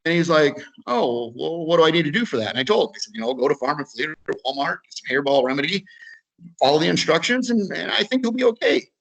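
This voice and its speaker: A man's voice: fairly high pitch, big pitch swings, quick pace, vocal fry, a bit bright, low-quality recording. A man with an Upper Midwest American accent giving a webinar talk, telling a story in a casual way, repeating words and acting out both sides of a conversation. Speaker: webinar speaker. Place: video webinar.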